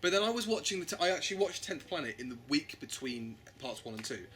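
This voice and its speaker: A man's voice: on the high side, very animated, fast talker, a bit bright, a little hiss or hum. A man in a casual fan review chat, chatty and jokey, co-hosting a podcast. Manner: chatty, jokey, breaks into mock voices. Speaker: podcast co-host.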